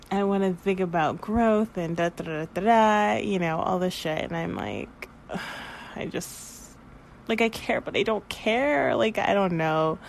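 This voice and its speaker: A woman's voice: lowish voice, animated, a little slow, gravelly, slight background noise. A woman in her thirties hosting her own podcast, talking candidly and emotionally, rambling and swearing freely, close to tears. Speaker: podcast host. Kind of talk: casual spiritual podcast monologue.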